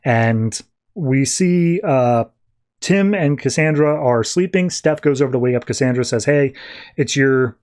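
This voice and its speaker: A man chatting on a podcast in a relaxed, rambling style, leaning on fillers as he retells a story. His voice sits at an ordinary middle pitch. The delivery is unscripted and conversational. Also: a little slow. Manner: loose, filler-heavy retelling with frequent "like". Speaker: podcast host. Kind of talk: casual comic book review recap.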